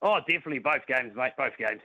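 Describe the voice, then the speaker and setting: Laid-back New Zealand caller, bright voice. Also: male voice, mid-range voice, animated, fast talker, no room sound, low-quality recording. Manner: laid-back, says mate a lot. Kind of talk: casual phone-in chat.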